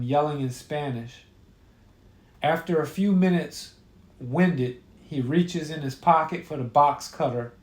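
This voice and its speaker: Male storyteller reading horror, unhurried and grim, recorded in a roomy space. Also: mid-range voice. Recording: roomy echo.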